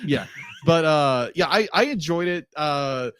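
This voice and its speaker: A man's voice: on the high side, lively intonation, unhurried, clean tone, no room sound, studio quality. A man co-hosting a podcast in casual review chat, easygoing and enthusiastic, with lots of fillers. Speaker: podcast co-host.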